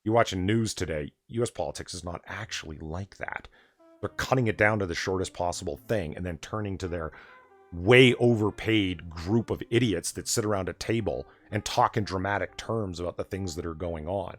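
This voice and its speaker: A man's voice: low voice, moderate pace, faint music behind. A man hosting a late-night casual chat, talking in a sardonic, profane rant. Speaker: host.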